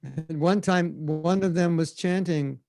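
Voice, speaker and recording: Relaxed male spiritual teacher, conversational storyteller, slightly raised pitch, dry close mic. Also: unhurried, creaky, no echo. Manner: relaxed, conversational, demonstrates chanting. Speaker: spiritual teacher answering questions. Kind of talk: storytelling Q&A on a video call. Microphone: video call.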